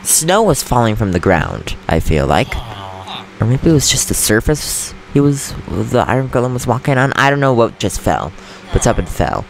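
A man's voice: mid-range voice, sing-song, normal speed, creaky. Goofy young man playing a game. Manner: goofy, chatty, giggles often; jumpy, nervous about threats. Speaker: gaming channel host. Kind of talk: Let's Play commentary.

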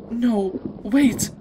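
A woman hosting a let's play, reading game dialogue aloud and reacting with excitable yelps, gasps, stammers and swearing. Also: on the high side, noisy background.

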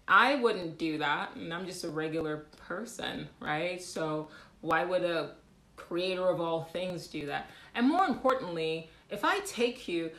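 A woman hosting a casual livestream, talking in an animated way with frequent laughs, fillers and restarts. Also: fairly low pitch, reverberant. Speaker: livestream host.

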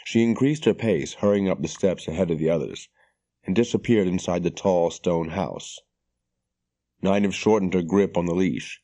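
A man reading a fantasy audiobook in scripted narration, measured and steady. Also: low voice.

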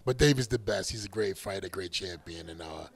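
Sitting low in pitch, this middle-aged male boxer has a gravelly voice and spins animated stories during a casual interview. Frequent laughter gives way to sudden loud shouts of his catchphrases.

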